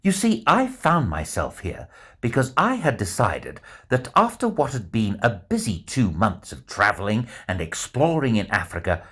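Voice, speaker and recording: A man narrating a children's adventure story in the first person as a bear, in an animated, expressive storytelling manner. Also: fairly low pitch, normal speed, husky.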